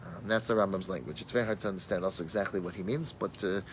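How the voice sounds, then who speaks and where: Rabbi giving a chatty storytelling class. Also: male voice, sits low, steady tone, racing, a little hiss or hum, low-quality recording. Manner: storytelling, with Hebrew and Yiddish terms; thinks aloud with fillers and restarts. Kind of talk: conversational Torah class.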